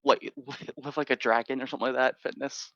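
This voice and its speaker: A man's voice: medium pitch, fairly even intonation, fast talker, fairly bright tone, dry recording. Stammering man at a tabletop game. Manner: stammering, rambling. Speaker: player. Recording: dull, dry lo-fi audio.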